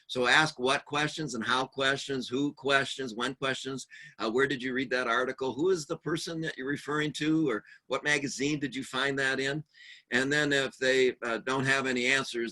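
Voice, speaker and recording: Bright-voiced humorous male seminar speaker. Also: medium pitch, normal speed. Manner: humorous storyteller acting out quoted voices; lively, animated delivery. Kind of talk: conference workshop talk.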